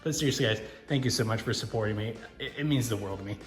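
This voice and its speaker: A man hosting diecast car races, giving excited sports-style race commentary and calls. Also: on the low side, quick pace. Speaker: diecast racing host. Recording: echoey room with music.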